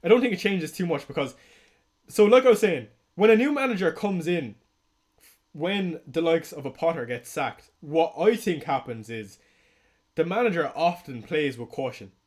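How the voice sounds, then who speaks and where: A young Irish man chats on a live stream in a fairly high voice. He talks casually and excitably, swears freely and laughs often. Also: moderate pace. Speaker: fantasy football streamer. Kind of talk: casual livestream commentary.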